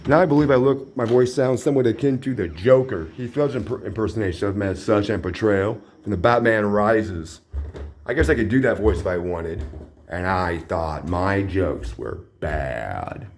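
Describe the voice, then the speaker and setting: A man's voice: fairly low pitch, fairly quick, darkish tone, a little hiss or hum. Dry, sarcastic man giving a home tour. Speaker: vlogger. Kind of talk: casual home tour narration.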